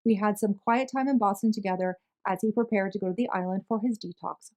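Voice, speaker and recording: A woman reading a written witness statement aloud in a steady, measured way. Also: medium pitch. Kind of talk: plain read-aloud narration.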